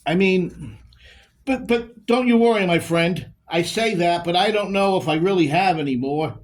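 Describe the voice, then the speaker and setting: A man's voice: high-pitched, normal speed, natural voice. A man performing a poetry monologue as a confused, emotional divorced man who repeats his phrases and draws out his words.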